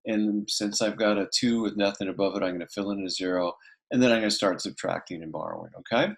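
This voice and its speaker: A man's voice: lowish voice, quick pace, vocal fry. A man teaching a casual math lesson, talking through each step aloud and checking in with "okay" often.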